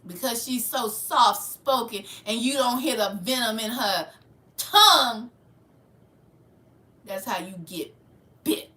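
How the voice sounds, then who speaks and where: A woman with a high, bright, sharp voice delivers a heated livestream rant, preachy and confrontational. She sits back from the mic in an echoey room. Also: distant mic. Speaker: channel host.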